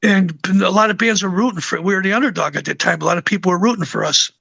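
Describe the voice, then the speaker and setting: A man's voice: high-pitched, racing, vocal fry, pushed and bright, breathy edge, dry recording. An older man, a musician guest, telling a rambling anecdote in a casual interview with plenty of fillers.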